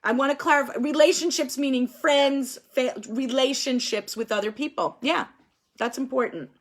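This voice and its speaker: High-voiced, upbeat woman leading a group. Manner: upbeat, encouraging, quick to laugh. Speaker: group facilitator.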